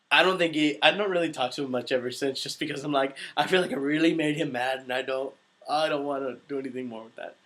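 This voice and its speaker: The young voice actor's pitch is fairly high here, his pace fairly quick and his tone a bit bright. He chats casually on a live stream, laughing often as he reads viewer questions.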